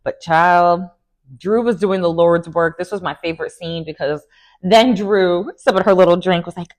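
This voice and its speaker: A woman hosting a casual reality TV recap, animated and sassy, full of slang and quick laughs. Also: on the low side. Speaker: TV recap host.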